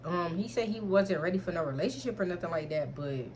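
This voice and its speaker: A woman's voice: on the low side, lively intonation, fast, a little mellow, slight background noise. A young adult woman vlogger telling a candid storytime in frank slang, keeps addressing listeners as y'all.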